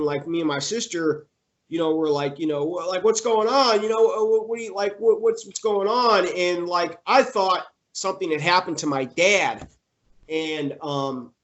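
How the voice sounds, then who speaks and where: A man's voice: fairly high pitch, fairly bright tone. Young male interviewee; hesitant, filler-heavy, emotional. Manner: halting, many fillers and restarts. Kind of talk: personal storytelling in conversation.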